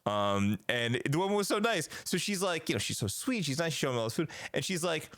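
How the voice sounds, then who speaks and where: A man's voice: a little high, big pitch swings, quick pace, hardly any pauses, a bit bright, no room sound. A man in his forties hosting a casual podcast, telling stories with lots of fillers and restarts. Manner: rambling storyteller with many fillers. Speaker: podcast host.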